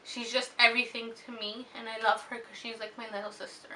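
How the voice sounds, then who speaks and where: Earnest young woman, bright voice. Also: on the high side, level tone. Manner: earnest and tender, many ums and pauses. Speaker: vlogger. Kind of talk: heartfelt personal vlog talk. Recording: slightly distant mic with faint hiss.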